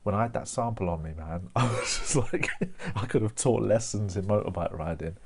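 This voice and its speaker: Low-voiced chatty comic. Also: male voice, brisk, a little mellow, slightly rough. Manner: chatty, laughs often, slips in mate and innit. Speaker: stand-up comedian. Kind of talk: stand-up storytelling without an audience. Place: home, performing to a camera online.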